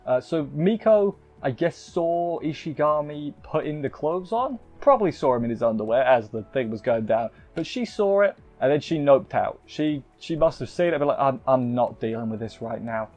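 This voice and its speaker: A man's voice: a little high, very animated, moderate pace, few pauses, a little mellow, faint music behind. A man casually recapping an anime episode as a reviewer, rambling with lots of fillers and self-corrections.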